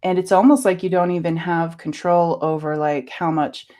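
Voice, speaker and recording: Lower-voiced woman rambling gently about seeds and spirit stuff, lots of ums, bit of a cough. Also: fairly even intonation, moderate pace. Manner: soft-spoken, musing, many fillers. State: coughing, clearing throat. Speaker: co-host. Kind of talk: reflective spiritual talk.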